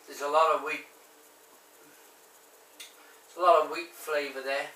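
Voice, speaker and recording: A man's voice: a little high, steady tone, a little slow, sharp tone, far from the mic. A man with a Barry Welsh accent, reviewing a bottled beer in a chatty, rambling way full of ums and restarts. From Wales. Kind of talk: casual review to camera. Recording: echoey room, voice off-mic.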